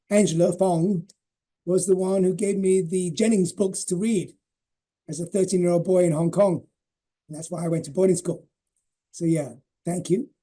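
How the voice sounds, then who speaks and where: A man in his sixties telling family stories in a rambling, affectionate way for a legacy interview. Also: high-pitched. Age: 60s. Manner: warm, rambling, many fillers and restarts. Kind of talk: reminiscing personal storytelling.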